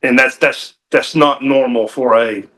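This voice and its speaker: A man tells a personal story in a TV interview, his voice bright and clear. He talks in a folksy, earnest way, often restarting his sentences with an "uh." He is a game warden speaking plainly. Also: mid-range voice, steady tone, a little slow.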